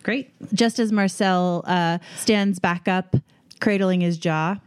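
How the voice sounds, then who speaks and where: A woman's voice: lowish voice, fairly even intonation, takes it slowly, darkish tone, clear, resonant tone. A woman narrating as game master of a tabletop role-playing game, casual and hesitant with many fillers.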